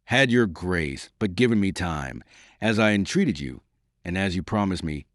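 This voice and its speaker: A man voicing a calm, dignified male conspirator who speaks slowly and quietly, in an audiobook. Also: low voice, no echo, clean studio sound. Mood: calm, measured.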